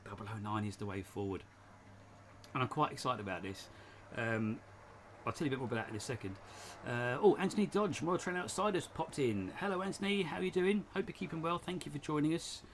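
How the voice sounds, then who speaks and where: A man's voice: on the high side, fairly quick, a little hiss or hum. A man hosting a casual live stream from his shed, rambling and chatty, often laughing as he talks. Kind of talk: casual chat. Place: home shed.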